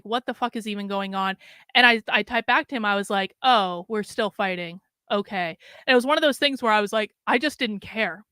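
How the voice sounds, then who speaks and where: A woman's voice: a little high, clear, resonant tone, dry recording, studio quality. A woman hosting a podcast, telling a rambling story in casual talk, swearing often and filling her sentences with "like". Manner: profane, rambling, heavy use of filler "like"; animated retelling with quoted inner thoughts. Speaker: podcast host.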